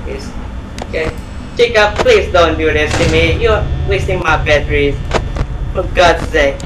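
Nervous high-voiced man playing a horror game. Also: measured pace. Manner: anxious, pleading, talks to the game. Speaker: gaming YouTuber. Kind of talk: frightened let's-play commentary. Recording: echoey room from far off with noise.

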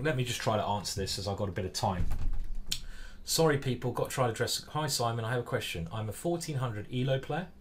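A man's voice: medium pitch, husky. A man from England commenting casually on his own chess game as he plays live, chatting to viewers and reading out their messages. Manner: chatty, reads viewer chat aloud. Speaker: chess streamer. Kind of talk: live-stream commentary while playing.

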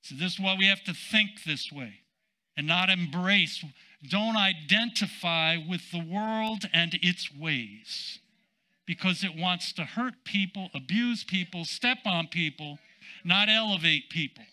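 An older man, a senior pastor, preaching a sermon in an emphatic, drawn-out way with casual asides. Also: sits high, sharp tone, rough recording.

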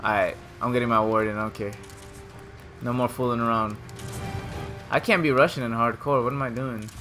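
A young man giving casual, trash-talking commentary while he plays a shooter game, and he jumps up to shouting when things go wrong. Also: mid-range voice, music in the background. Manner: trash-talking, excitable, quick swings to shouting. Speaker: gameplay streamer. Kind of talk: casual live commentary over gameplay.

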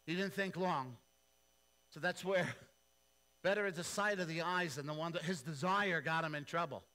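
A male pastor preaching a sermon, telling the story in an animated, playful, slangy way. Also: a little high, moderate pace, low-quality recording.

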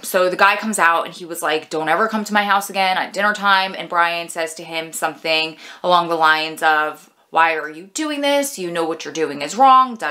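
A woman giving a casual, heartfelt film review in a chatty, expressive way. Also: lowish voice. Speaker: movie reviewer vlogger.

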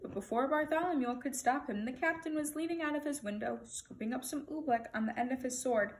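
A woman reading a children's picture book aloud in an expressive, lively storytelling manner. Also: sits high, brisk, poor audio.

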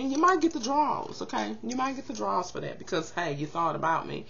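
An older woman chatting casually to camera, giving zodiac advice in an animated, expressive way and acting out quotes. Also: mid-range voice, fast talker, creaky, few pauses, muffled recording, noisy background.

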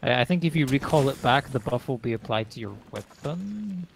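A man's voice: mid-range voice, lively intonation, moderate pace, gravelly, a little hiss or hum. A man streaming a game, casually explaining mechanics to a friend and laughing easily. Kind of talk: casual gameplay chat.

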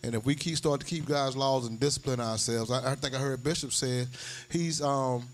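Halting man sharing testimony. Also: mid-range voice, slight background noise. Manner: conversational, halting fillers. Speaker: congregation member sharing testimony. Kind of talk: personal testimony.

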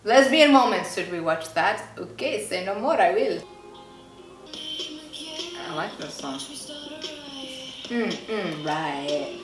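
Gasping, squealing and gushing, a young reaction vlogger offers casual commentary on the videos she watches. She's very animated despite a slow delivery with long pauses, and her pitch is medium. Faint music plays in an echoey room.

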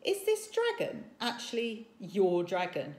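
A woman voicing a burly, blustering male Viking chief in a children's story, loud and flustered, in an echoey room. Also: medium pitch, huge pitch swings, measured pace.

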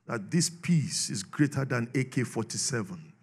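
A Nigerian man preaching a sermon, swinging from shouted declarations to low asides and laughing often. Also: animated, normal speed, breathy edge. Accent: Nigerian English. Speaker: pastor.

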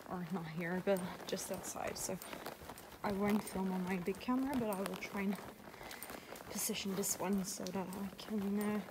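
A woman's voice: medium pitch, noisy background. A woman vlogger chatting casually to a handheld camera, rambling with lots of fillers. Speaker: horse-riding vlogger. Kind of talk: casual vlog chat to camera.

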